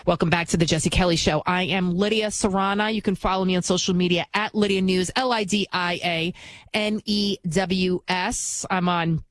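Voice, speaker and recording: A woman filling in as host of a talk show, delivering an animated, opinionated monologue full of anecdotes. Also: fairly low pitch, normal speed, dry recording. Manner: animated storytelling, acts out quoted voices.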